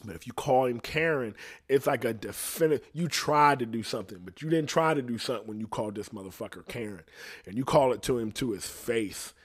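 A man hosting a podcast, ranting in a rambling, profane, comedic way, laughing often and sometimes dropping to a low mutter. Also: fairly quick, slightly rough. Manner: drops to a low mutter at times. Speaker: podcast host. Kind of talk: casual comedic rant.

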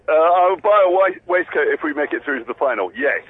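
A wry man talking down a tinny, dry phone line. His voice is slightly high and husky, with a lively, swooping delivery. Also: a little fast. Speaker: radio co-presenter on phone line. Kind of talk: casual radio chat.

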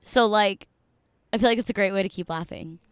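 A woman's voice: medium pitch, a little fast, clear, resonant tone, no echo, clean studio sound. A woman co-hosting a podcast in casual chat, easygoing and laughing often. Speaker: podcast co-host.

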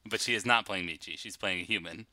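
A man's voice: low-pitched, fast talker, sharp tone, no echo. A man co-hosting a podcast in casual chat, teasing his partner with dry sarcasm. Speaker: podcast co-host.

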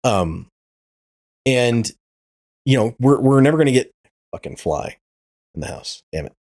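Male podcast host, casual rant, profane, stammers and restarts, mid pitch. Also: lively intonation, a little slow, darkish tone. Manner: ranting, profane, repeats words often. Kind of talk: casual chat.

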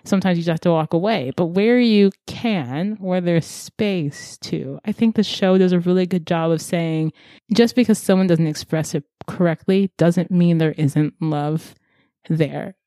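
A woman's voice: lowish voice, unhurried, warm tone, dry recording. A woman co-hosting a casual discussion podcast, talking in an earnest, reflective way with casual slang. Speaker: podcast co-host discussing a TV show.

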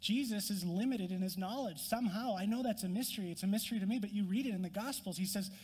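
A man preaching a sermon as a pastor, earnest, rising to emphatic peaks and dropping to quiet. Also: sits high, fast talker, slightly rough, long reverb tail. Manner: earnest, rises in emphasis then drops quiet.

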